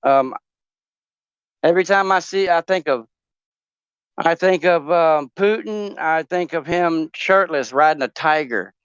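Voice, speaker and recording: A man's voice: fairly high pitch, measured pace, long pauses, fairly bright tone, clean tone, no echo, dull audio. A man hosting a casual talk show, joking and rambling through would-you-rather questions with lots of fillers.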